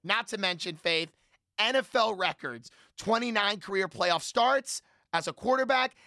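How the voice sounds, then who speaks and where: A man's voice: sits high, measured pace, bright, forceful tone, dry recording, studio quality. A man on a sports panel, arguing his point emphatically and repeating himself for effect. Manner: emphatic, repetitive, argumentative. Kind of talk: heated sports debate.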